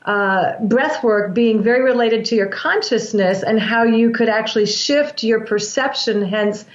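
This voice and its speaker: Higher-voiced woman explaining breathwork. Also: reverberant, highs cut off. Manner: calm, measured explaining with frequent restarts. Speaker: breathwork practitioner. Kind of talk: explanatory interview talk.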